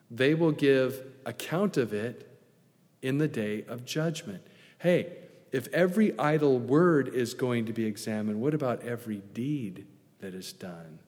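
A man's voice: medium pitch, darkish tone, in a large hall. A middle-aged man preaching a sermon as a pastor, folksy and conversational, with casual asides.

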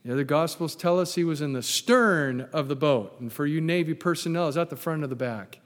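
A man's voice: fairly high pitch, a little fast, in a large hall. A man preaching a sermon as pastor, emphatic, repeating key phrases and putting questions to the congregation.

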